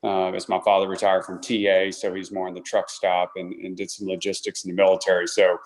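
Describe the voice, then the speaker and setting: A man's voice: deep voice, completely flat delivery, brisk. A young man, an insurance broker, introducing himself on a live panel in an easygoing way with some fillers.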